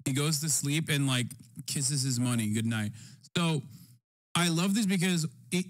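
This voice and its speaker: A man in his thirties streaming, reacting to clips in casual chat with loud, profane, animated riffing. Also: on the high side, a little slow.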